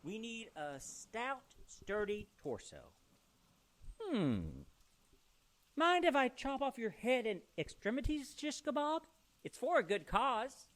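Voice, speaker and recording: A man's voice: very high-pitched, big pitch swings, takes it slowly, fairly bright tone, voice pushed up, exaggerated voice. A man putting on a pompous mad scientist. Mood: scheming. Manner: pompous, theatrical, dramatic swoops. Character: grandiose male mad scientist, theatrical.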